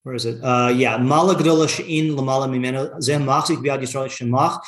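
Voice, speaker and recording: A man's voice: medium pitch, fairly even intonation, brisk. Man teaching in an echoey room. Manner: conversational, frequent fillers like "like" and "you know"; reads Hebrew passages aloud and translates them. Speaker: Torah class teacher. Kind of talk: casual Torah lesson.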